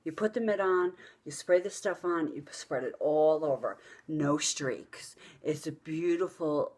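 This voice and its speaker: Middle-aged woman vlogger, husky low voice, profane and animated storyteller. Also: unhurried. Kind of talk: casual storytelling to camera.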